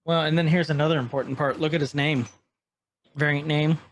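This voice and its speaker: A podcast co-host with a fairly high, brisk voice casually recaps a show, animatedly acting out its lines along the way. There's slight background noise.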